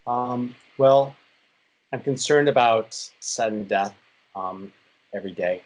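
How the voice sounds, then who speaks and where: A man's voice: medium pitch, slow pace, poor audio. A man in his thirties telling stories in a conversational interview, with frequent fillers. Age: 30s. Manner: chatty storytelling, frequent fillers. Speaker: interview guest.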